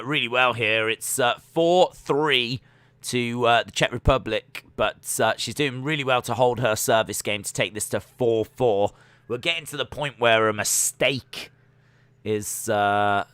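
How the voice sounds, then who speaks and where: A man with a bright, forward voice runs a casual live watch-along stream. He jokes and rambles through the sport, reading out chat and pausing on plenty of fillers. The sound is close and dry, with no room echo. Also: medium pitch, clear, resonant tone. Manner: jokey, rambling, many fillers.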